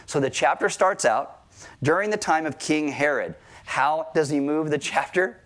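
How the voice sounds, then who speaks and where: Man, pastor, sermon to a congregation, conversational, asks questions, light jokes, slightly high voice. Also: moderate pace, a bit bright. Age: adult, married. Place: church service before a congregation.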